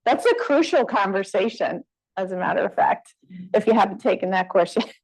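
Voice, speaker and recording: A woman's voice: mid-range voice, lively intonation, a little fast, darkish tone, husky, rough recording. A woman presenter answering audience questions at a conference in a conversational way, with fillers and restarts. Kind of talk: Q&A after a talk. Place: conference room.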